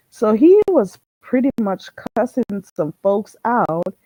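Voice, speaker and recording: A woman hosting a casual livestream, chatting and telling stories in an animated, gossipy way and reading viewer comments. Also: mid-range voice, dry recording, poor audio. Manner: animated gossipy storytelling, quick laughs. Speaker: livestream host.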